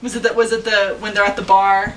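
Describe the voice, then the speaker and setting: A woman's voice: medium pitch, level tone, fast, a bit bright, distant mic, slight background noise, low-quality recording. A woman talking about a movie with her daughter in a chatty, rambling way, now and then acting out lines in put-on voices. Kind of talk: casual chat.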